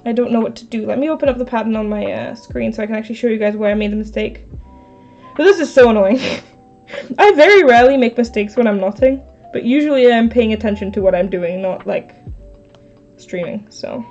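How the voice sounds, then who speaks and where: A woman's voice: fairly high pitch, fairly quick, a little mellow. A woman live streaming as she crafts, chatting casually, thinking aloud and answering her chat. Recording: slightly dull stream audio, faint background music.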